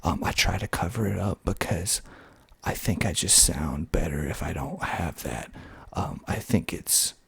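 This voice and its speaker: A man from Georgia with a Southern accent, whispering slowly and softly into a close mic in an ASMR video, with fillers along the way. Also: deep voice, creaky, breathy edge, no echo. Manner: slow, soft-spoken whispering with fillers. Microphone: close mic, pops on plosives.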